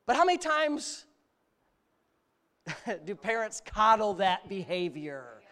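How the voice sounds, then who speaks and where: A middle-aged male pastor with a notably high voice delivers an animated sermon. He swings between sarcastic asides and rising, near-shouted exhortations. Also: takes it slowly.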